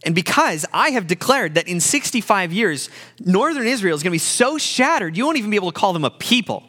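Lively, bright-voiced male preacher. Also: high voice, brisk, long reverb tail. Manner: animated, repeats words while speaking, acts out quoted lines. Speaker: pastor. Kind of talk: sermon.

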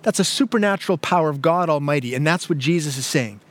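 A man's voice: fairly high pitch, animated, fast. A man, a pastor, preaching a sermon in a conversational way, with many fillers and restarts. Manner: conversational, with frequent fillers and repeated words.

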